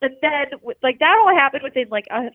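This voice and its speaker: A woman's voice: high voice, a little fast, no echo. Woman telling a story over a tinny phone line. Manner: animated, swears freely, lots of "like" fillers. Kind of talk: casual storytelling.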